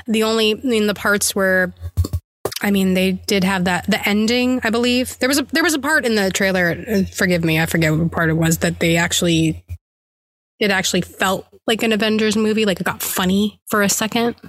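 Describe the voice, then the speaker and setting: A woman's voice: medium pitch, fairly even intonation, fairly quick, a bit bright, dry recording. A woman co-hosting a podcast in casual chat, blunt and sarcastic, swearing freely. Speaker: podcast co-host.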